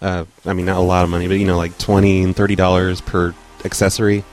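Low-voiced guy rambling away in casual chat, laughs a lot, faint music. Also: completely flat delivery, fast, darkish tone. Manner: rambling, laughs easily, lots of fillers. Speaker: podcast co-host.

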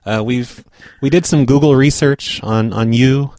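Pushy deadpan man on a prank call. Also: medium pitch, unhurried, dry recording, studio quality. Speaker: prank caller.

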